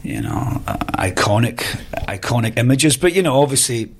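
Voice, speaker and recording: A Scottish actor, a guest on a podcast interview, telling anecdotes in a rambling, hesitant way with many fillers. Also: male voice, medium pitch, lively intonation, moderate pace, creaky, slight background noise.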